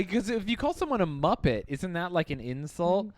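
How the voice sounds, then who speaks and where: Casual comedy podcast dude, swears a lot, voice jumps all over, kinda high. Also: male voice, normal speed, no echo, clean studio sound. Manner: crude, laughing, animated storytelling. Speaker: podcast co-host.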